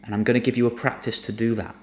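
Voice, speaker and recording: A man teaching somatic emotional release in a gentle, earnest, unhurried way, sometimes dropping almost to a whisper. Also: medium pitch, level tone, slight background noise. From United Kingdom. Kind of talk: reflective spoken teaching to camera.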